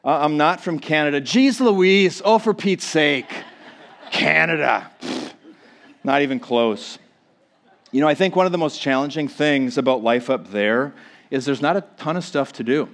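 A man's voice: mid-range voice, animated, moderate pace. Minnesota guy in his 40s preaching, laid back and jokey, lots of ums and so's. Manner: joking, self-deprecating, chatty with many fillers. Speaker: pastor. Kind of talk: casual sermon to a congregation.

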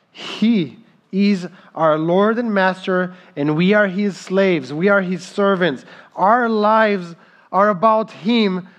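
Man, pastor, sermon, unhurried, emphatic, fairly high pitch. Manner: slow, earnest, emphatic preaching.

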